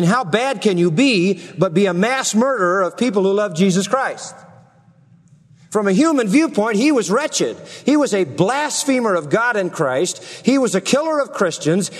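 A pastor delivering a sermon, building emphasis by rising on key words and slowing down, often asking the congregation rhetorical questions. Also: male voice, high-pitched. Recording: long hall reverb.

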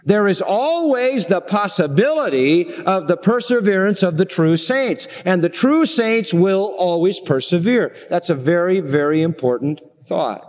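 A middle-aged man preaching a sermon, slowing down for emphasis and asking the congregation rhetorical questions. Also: high-pitched, animated, big-room sound.

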